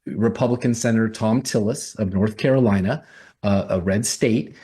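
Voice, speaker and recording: A man's voice: fairly low pitch, normal speed, dark tone. A man who runs and edits a news website, speaking as a guest in an emphatic manner and repeating phrases for effect. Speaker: news site CEO and editor, guest. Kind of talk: interview talk.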